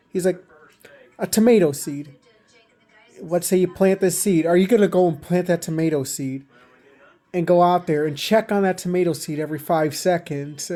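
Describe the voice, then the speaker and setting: A man's voice: high voice, normal speed, dark tone. A young man casually retelling relationship advice he got, rambling with lots of fillers. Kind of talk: casual storytelling vlog.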